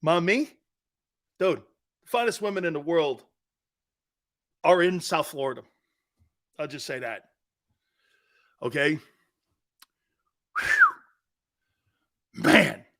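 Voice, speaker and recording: Animated high-voiced sports talk host. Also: male voice, a little slow, long pauses. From Connecticut. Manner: animated, laughing, acts out quoted voices. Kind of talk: loud storytelling on a sports talk show.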